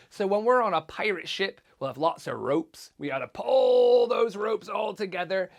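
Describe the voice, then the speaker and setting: A man's voice: on the high side, animated, normal speed, few pauses. A man teaching young children as a theatrical pirate showman, calling out exclamations and quizzing his audience. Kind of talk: interactive lesson for young children.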